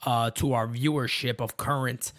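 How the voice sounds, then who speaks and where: A man hosting a live sports podcast, animated and talking straight to his viewers between callers. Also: mid-range voice, moderate pace. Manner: animated, hypes up callers, shouts catchphrases. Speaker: podcast host. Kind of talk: live show reading voicemails.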